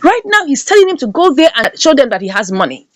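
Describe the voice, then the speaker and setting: Sitting high in pitch with big swings and a fast pace, this woman's voice comes through with no echo. She's a movie reviewer doing an animated recap, indignantly emphatic and repeating lines for effect.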